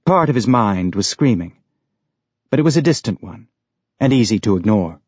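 A man reading audiobook narration in a steady, even way, on a dry, dull lo-fi recording. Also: fairly low pitch, moderate pace, slightly rough, no echo.

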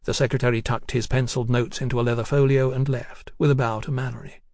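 An audiobook narrator, male, reads a novel aloud as scripted narration at a steady, measured pace. His voice sits at medium pitch, and the close recording is completely dry, with no echo or room sound.

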